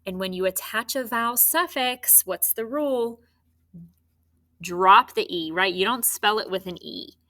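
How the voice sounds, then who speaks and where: A woman teaching a recorded phonics lesson, dictating words slowly and patiently, with encouraging checks. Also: mid-range voice, bright, forceful tone.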